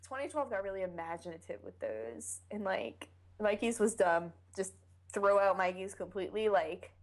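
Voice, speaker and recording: Speaking at normal speed in a mid-range voice, a young woman chats as co-host of a laid-back fan podcast. She brings the scenes she's describing to life, quoting them in animated voices.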